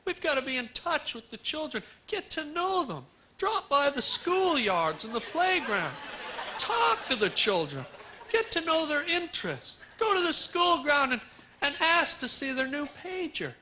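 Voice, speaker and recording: A man's voice: extremely high pitch, big pitch swings, measured pace, sharp tone. A man performing a stand-up comedy set on stage, rambling in a mock-sincere way with absurd nonsense wordplay. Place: comedy stage before a live audience. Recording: live stage recording with audience noise.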